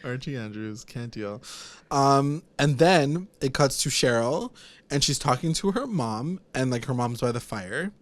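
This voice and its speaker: A man co-hosting a casual podcast recap, talking fast and animated, swearing and acting out characters' lines. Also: medium pitch, no room sound. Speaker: podcast co-host.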